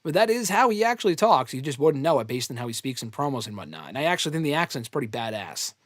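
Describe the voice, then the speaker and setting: A man's voice: mid-range voice, big pitch swings, fast talker, no room sound, clean studio sound. A man hosting a live fan question show, talking loosely and bluntly with casual swearing. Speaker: host answering fan questions.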